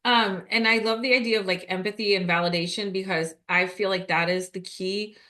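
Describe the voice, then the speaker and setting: A woman's voice: mid-range voice, fairly even intonation, fairly quick, sharp tone. A middle-aged woman hosting a podcast, chatting casually and telling stories with many restarts and fillers. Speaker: podcast host. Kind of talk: casual interview chat.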